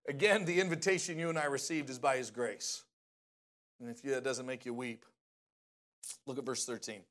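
A man preaching a conversational sermon in a lively way, often asking the audience questions. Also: medium pitch, unhurried, long pauses.

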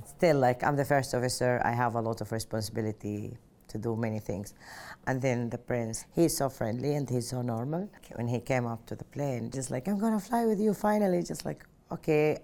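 Middle-aged Saudi-accented woman, very low and warm-toned, sincere and heartfelt, recounting her story. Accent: Saudi Arabic. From Saudi Arabia. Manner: earnest, heartfelt, frequent "just like" fillers. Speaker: airline pilot interviewee. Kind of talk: personal storytelling interview.

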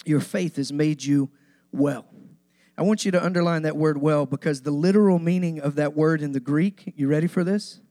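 A man's voice: on the high side, moderate pace, mellow, no room sound, clean studio sound. A male pastor preaching a sermon to his church, driving points home with repetition and rising emphasis.

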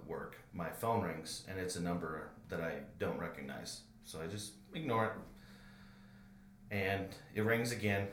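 A man's voice: deep voice, a bit bright, reverberant, slight background noise. A man hosting a podcast, telling a comedic story with lots of swearing, and his retelling grows frantic. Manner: profane, builds to frantic retelling.

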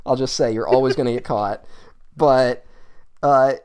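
A man's voice: mid-range voice, measured pace, a little mellow, smooth. A man co-hosting a podcast, talking casually and enthusiastically about an old detective show. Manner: enthusiastic, quotes scenes in put-on voices, swears casually. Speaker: podcast co-host. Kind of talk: casual film podcast chat.

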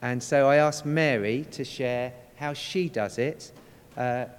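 A man preaching a sermon in an earnest, measured way, slowing down to stress key phrases. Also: mid-range voice, smooth. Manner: earnest, measured preaching with slow emphatic endings. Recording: church hall with long reverb.

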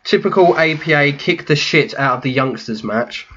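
A man, a podcast co-host, calmly recapping events from his notes in casual chat. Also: fairly high pitch, moderate pace, husky, highs cut off. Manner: calm, dry summarizing.

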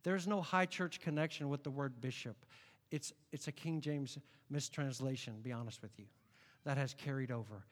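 A man preaching a sermon, emphatic and challenging the congregation, swinging from loud declarations to quiet asides. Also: medium pitch, moderate pace, in a large hall. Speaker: pastor.

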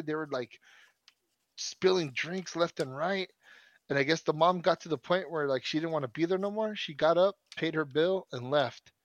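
A man's voice: fairly high pitch, no echo, lo-fi sound. A man in his thirties telling a long story in casual chat, swearing often and restarting his sentences. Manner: profane, rambling storyteller with many restarts.

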